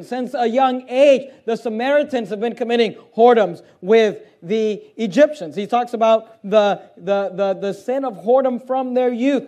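A man preaching a fiery sermon, reading scripture aloud and driving his points home with emphatic repetition. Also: very high voice. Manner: forceful, emphatic, shifts between loud preaching and quieter reading.

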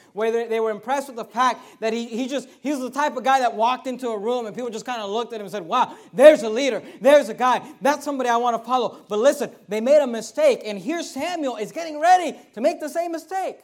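A man with a high voice delivers a sermon. He reads scripture at a slow, deliberate pace. He drops to quiet asides, then pushes his points louder and with more force. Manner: emphatic, swings between quiet and loud, reads scripture slowly. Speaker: preacher.

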